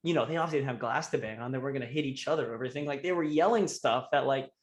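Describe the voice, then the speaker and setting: A man's voice: medium pitch, racing, reverberant. A young man chatting casually on a podcast, rambling with many fillers and restarts. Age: young adult. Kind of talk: casual chat.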